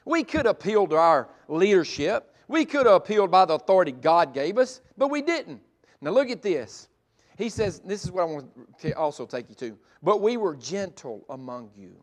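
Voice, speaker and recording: Preacher man, loud then hushed. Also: sits high, sing-song, normal speed. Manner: preaches with big swings between loud emphatic lines and hushed gentle passages. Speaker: pastor. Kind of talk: sermon.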